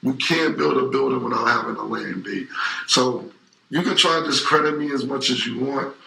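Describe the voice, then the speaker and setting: The interview guest is a man in his forties with a mid-range voice, vocal fry, and a sharp tone, talking at a normal speed. His casual speech is emphatic, repetitive, and full of street profanity, and the room echoes noticeably.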